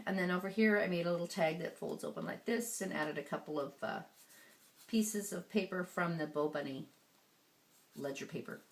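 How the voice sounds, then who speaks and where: Woman with a gravelly, low voice. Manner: chatty, relaxed, frequent ums while handling pages. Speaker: scrapbooking crafter. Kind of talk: casual craft show-and-tell.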